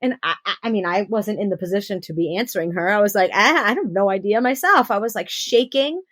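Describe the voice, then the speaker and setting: A young adult woman telling her personal birth story on a podcast, animated and acting out the quotes. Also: medium pitch, quick pace, dry recording. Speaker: podcast guest.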